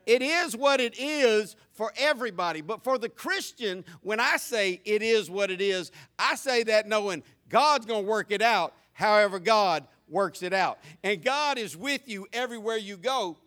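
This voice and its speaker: A man's voice: high voice, animated, moderate pace, hardly any pauses, pushed and bright. A man preaching a folksy, humorous sermon, stumbling through many stammered restarts.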